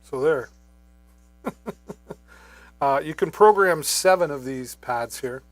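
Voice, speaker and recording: A man's voice: a little high, animated, takes it slowly, no echo, some chatter behind. Man, live shopping host, casual and chatty, filler-heavy, wireless mic. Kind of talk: live product demo. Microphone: wireless microphone.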